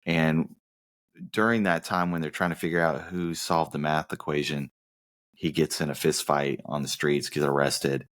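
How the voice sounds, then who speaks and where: A man's voice: extremely low pitch, flat delivery, moderate pace, fairly bright tone. A man from the American South co-hosting a casual movie podcast, teasing his co-host and rambling through plot summaries. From Southern United States. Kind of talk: casual movie-review chat.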